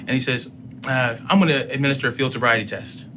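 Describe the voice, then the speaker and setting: Middle-aged male storyteller, animated, plays both sides of each exchange, faint background noise. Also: mid-range voice, fast talker. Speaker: guest telling a personal story. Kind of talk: casual spoken storytelling.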